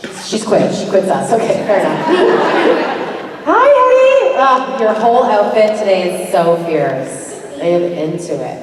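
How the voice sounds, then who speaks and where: A woman from Canada telling stories on a convention panel in a casual, lively way, laughing often. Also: medium pitch, unhurried. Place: large convention hall. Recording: echoey hall from far off, crowd noise.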